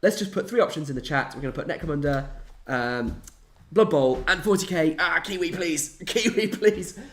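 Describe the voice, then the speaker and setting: A young man chatting casually on a live stream, animated and playfully dramatic. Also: on the high side, normal speed. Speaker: hobby streamer.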